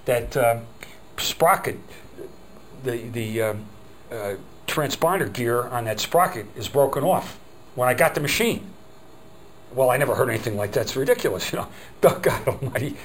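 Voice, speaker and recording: A man's voice: medium pitch, a little hiss or hum. A middle-aged man from New Jersey with a New Jersey accent gives an informal business training talk. He rambles and acts out customer exchanges. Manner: chatty, digressive, acts out quoted customers. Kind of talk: informal seminar lecture.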